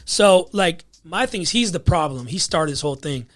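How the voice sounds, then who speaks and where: A man's voice: fairly high pitch, animated, normal speed. A man as a podcast guest, telling a personal story in a loose, casual way, full of fillers like "you know what I mean.". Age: adult with a wife and child.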